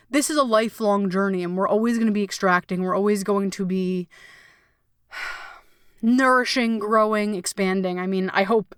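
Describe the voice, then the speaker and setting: A woman's voice: mid-range voice, a bit bright, clean tone, no room sound, studio quality. A woman coach hosting a solo podcast, talking candidly and emotionally and swearing freely.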